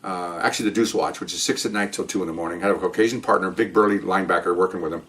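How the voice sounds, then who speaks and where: Fast-talking sarcastic ex-cop man. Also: low voice. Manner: animated, sarcastic asides, mimics people he quotes. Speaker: retired police officer, podcast host. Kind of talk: storytelling monologue.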